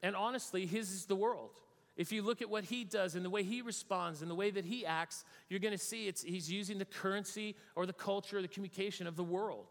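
High-voiced pastor in a reverberant hall. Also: male voice, a little fast. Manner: conversational, joking asides. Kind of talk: sermon.

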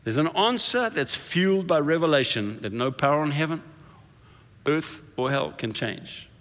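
Bright-voiced preacher in an echoey hall. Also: male voice, on the high side, normal speed. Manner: storytelling preacher, swings between hushed and excited. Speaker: pastor. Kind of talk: sermon.

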